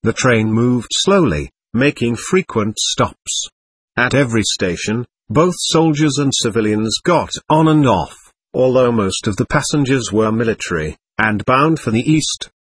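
A man reading a first-person war memoir as an audiobook, in a steady, even narration. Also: mid-range voice, measured pace, breathy edge, dry recording.

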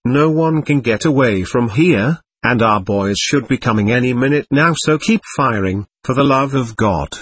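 A man voicing a stubborn male sergeant who keeps shouting orders and protests, in an audiobook reading. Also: mid-range voice, lively intonation, normal speed, hardly any pauses, husky, dry recording. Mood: angry.

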